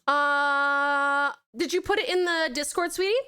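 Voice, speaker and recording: Bubbly high-voiced woman, mixed American-Australian accent. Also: fairly even intonation, unhurried, pushed and bright. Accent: blended American and Australian. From United States. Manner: bubbly, reads chat aloud and thanks viewers with pet names. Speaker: streamer. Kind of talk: casual live-stream chat while drawing.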